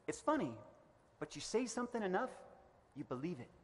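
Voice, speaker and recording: A man giving a motivational commencement speech in a large hall, energetic and emphatic, building to loud repeated declarations. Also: sits high. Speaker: commencement speaker. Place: large indoor event hall. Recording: echoey hall reverb.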